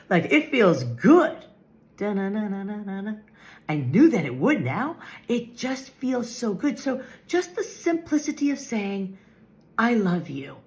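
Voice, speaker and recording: A woman in her fifties talks earnestly about spiritual matters, with a gravelly, fry-tinged voice at a middle pitch. She is emphatic and often repeats her phrases for weight. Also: a little mellow. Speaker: spiritual vlogger. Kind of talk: reflective spiritual talk.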